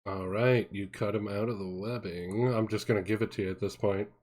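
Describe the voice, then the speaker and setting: A man narrating as game master of a tabletop game, relaxed and chuckling. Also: lowish voice, brisk.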